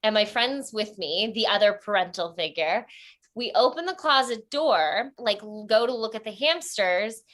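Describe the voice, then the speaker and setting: A young woman telling a comic story in casual talk, animated and acting out quoted voices. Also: normal speed. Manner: animated, acts out quoted voices with sudden high squeals. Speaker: storytelling guest.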